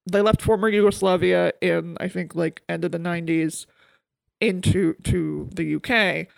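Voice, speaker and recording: A woman talking casually about a film she loved, acting out the lines she quotes. Her voice has a gravelly edge, and the recording is dry and close. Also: fairly low pitch, moderate pace, no echo. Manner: animated retelling, acts out quotes. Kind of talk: casual movie review chat.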